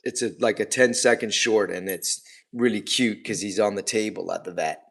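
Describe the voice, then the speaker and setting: A man's voice: fairly low pitch, fairly even intonation, moderate pace, creaky, a bit bright. A man hosting a casual livestream from his home kitchen, rambling chattily and talking to his pets along the way. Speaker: livestream host.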